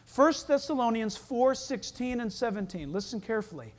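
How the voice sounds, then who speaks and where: A male pastor preaching a sermon in an animated way, with joking asides. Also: very high voice, moderate pace, hardly any pauses.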